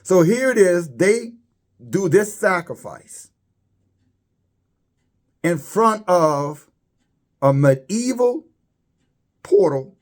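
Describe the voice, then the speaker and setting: Halting preacher man, rising emphasis. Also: darkish tone. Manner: halting, repeats words, rises high when stressing points. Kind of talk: religious commentary sermon.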